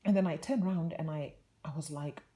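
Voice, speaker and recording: A woman's voice: deep voice, brisk, mellow. A young woman vlogger telling a rambling, chatty story in a casual way, laughing often between her words.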